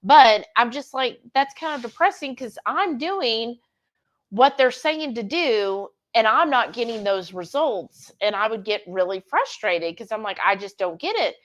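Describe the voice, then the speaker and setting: Higher-voiced woman chatting candidly. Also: expressive, a little slow, fairly bright tone. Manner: candid, rambling, full of restarts. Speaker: livestream host. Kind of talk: casual chat.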